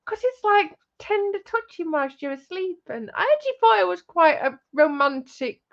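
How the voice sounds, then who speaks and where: A woman's voice: extremely high pitch, very animated, moderate pace, vocal fry, fairly bright tone. A woman hosting a casual crafting livestream, teasing her partner and reading out chat comments. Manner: teasing, chatty, breaks into laughter. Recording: dull lo-fi stream audio.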